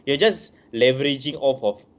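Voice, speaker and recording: A man's voice: mid-range voice, moderate pace. A man co-hosting a casual wrestling podcast, conversational and hedging, often calling his co-host bro. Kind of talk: casual wrestling review chat. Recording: dull lo-fi mic.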